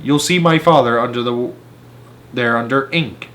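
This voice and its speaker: A man's voice: mid-range voice, moderate pace, fairly bright tone, lightly acted. A man voicing a cheeky, overconfident young schoolboy in a storybook reading. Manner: cheeky, eager.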